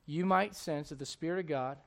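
High-voiced preacher swinging loud to hushed. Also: male voice, a little fast, gravelly. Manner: swings from shouting intensity to hushed gentle tones. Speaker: pastor. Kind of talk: sermon.

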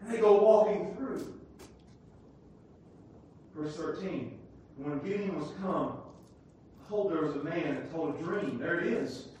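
A man preaching a sermon, reading scripture aloud and retelling it in everyday words, swinging between loud, lively bursts and hushed asides. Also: a little high, a little slow, long pauses. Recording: very echoey room, mic far off, faint noise.

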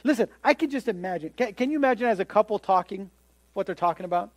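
A man delivers a sermon with a high, lifted voice. He is animated, slipping into the voices of the people he quotes and stumbling over repeated words as he gets carried along. The sound is dry and close, with no room around it. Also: fast talker, no room sound. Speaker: pastor.

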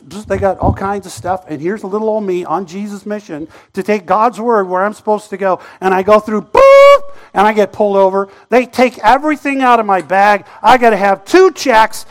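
A man preaching a sermon as a story, animated, swinging between loud outbursts and hushed, quiet passages. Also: sits high.

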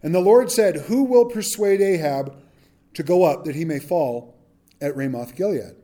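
Guy preaching thru a bible chapter, acts out the quotes all casual, kinda high voice but warm. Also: normal speed. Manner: animated, acts out quotes in modern slang. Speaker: pastor. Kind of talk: expository sermon.

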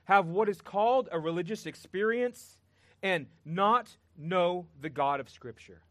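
High-voiced preacher, earnest and emphatic. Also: male voice, no echo. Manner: earnest, emphatic, with pauses and repeated words. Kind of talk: sermon.

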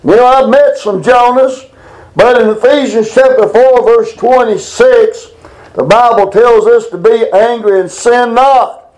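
Guy teaching a bible lesson, kinda high voice, folksy and rambling, slows way down on the verses. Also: a little mellow, poor audio. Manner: folksy, rambling storyteller, quotes scripture slowly.

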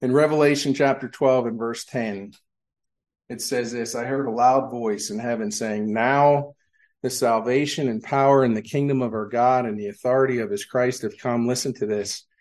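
A male pastor delivering a sermon in a church sanctuary. His voice sits at an ordinary mid pitch. He leans on rhetorical questions, pausing for the room before he gives the answer. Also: darkish tone.

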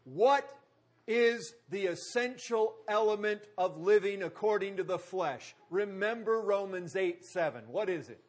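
A man preaching a sermon, driving points home with emphatic repetition and dramatic pauses. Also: high voice, expressive. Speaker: pastor.

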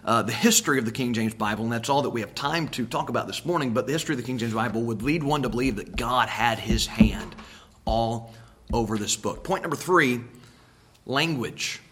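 A man's voice: medium pitch, brisk, a bit bright, slight background noise. A man preaching a sermon, emphatic, repeating key words and asking rhetorical questions.

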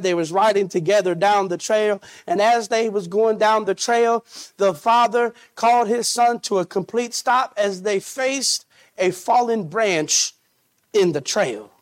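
A man with a high voice preaches a sermon. He uses call and response and dramatic pauses. His delivery builds toward shouted peaks. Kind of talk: sermon with closing prayer.

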